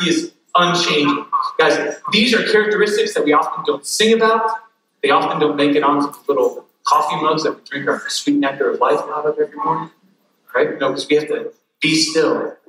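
Male pastor, sermon, bright clear tone, energetic and interactive, joking asides, echoey hall, heard from far off. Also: on the high side, slight background noise.

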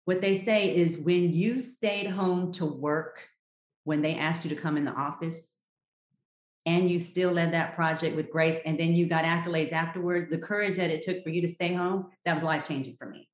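A woman's voice: fairly low pitch, steady tone, moderate pace. Woman health coach, roomy sound. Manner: emphatic, direct advice-giving. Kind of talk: podcast interview. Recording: roomy echo.

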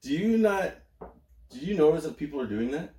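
A man's voice: a little high, very animated, brisk, mellow. A man co-hosting a podcast in casual chat. He talks playfully and jokes around, often dropping into silly voices. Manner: playful, jokey, bursts into silly put-on voices. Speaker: podcast co-host. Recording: roomy sound, mic at a distance.

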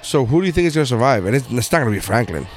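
A man's voice: mid-range voice, big pitch swings, rapid-fire, soft background music. A man co-hosting a podcast, arguing bluntly and swearing freely in casual chat over a movie. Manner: blunt, profane, argumentative. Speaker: podcast co-host.

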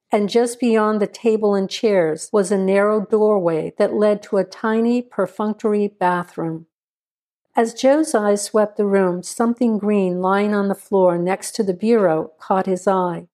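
A woman reading a crime story aloud in steady, even scripted narration. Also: medium pitch, a little slow.

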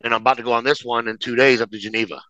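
Bright-voiced, animated storytelling man. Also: mid-range voice, rapid-fire, dry recording, low-quality recording. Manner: animated, profane, acts out every exchange. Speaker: guest. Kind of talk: casual storytelling.

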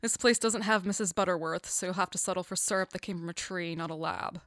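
A woman acting in an audio drama with a dry, deadpan delivery. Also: fairly low pitch, fast, no room sound.

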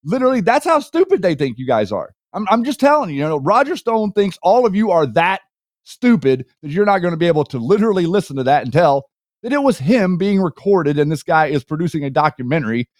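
A man's voice: high-pitched, sing-song, fairly quick, dry recording, studio quality. A man co-hosting a casual political talk stream who argues his points and often repeats words as he starts a sentence. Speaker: co-host.

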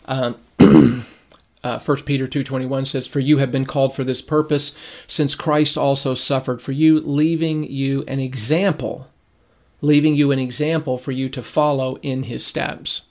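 A man's voice: medium pitch, little pitch movement, measured pace, darkish tone. A man teaching a Bible lesson from his notes, explaining Greek words and repeating key phrases for emphasis. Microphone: reading from notes.

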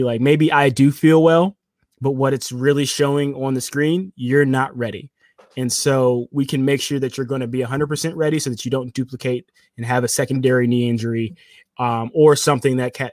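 A man's voice: mid-range voice, darkish tone, dry recording, clean studio sound. A man co-hosting a sports technology podcast, talking at length with restarts and self-corrections. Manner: rambling, self-correcting, playful aside. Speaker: podcast co-host. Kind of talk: casual sports tech chat.

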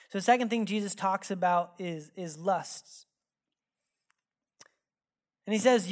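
A man preaching a sermon, telling stories from his own life in a casual, animated way full of "like" asides. He drops into hushed, earnest tones when he turns reflective. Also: high-pitched, a little slow, pauses often. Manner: casual, animated, filler-heavy delivery. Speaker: pastor. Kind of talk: sermon with personal storytelling. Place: church sanctuary.

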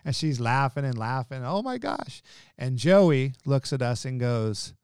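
A man's voice: mid-range voice, measured pace, darkish tone, clean tone, dry recording, clean studio sound. A man, guest director of a ministry, telling personal family stories in a heartfelt, emotional conversation, often repeating and restarting his words.

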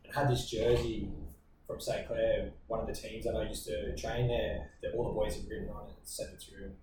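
Young Australian man, earnest halting storytelling, far from the mic, very roomy with ambient noise. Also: on the low side, huge pitch swings. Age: 20s. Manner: earnest, reflective, speaks in halting bursts. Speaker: podcast guest. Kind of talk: personal storytelling in conversation. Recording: very echoey room, distant mic, ambient noise.

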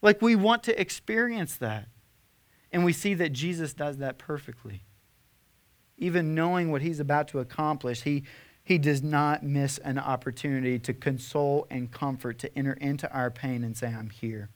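A young man preaching a sermon as a pastor, conversational with fillers, swinging from impassioned emphasis to hushed tenderness. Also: fairly high pitch, moderate pace. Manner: earnest, rising to impassioned emphasis then hushed.

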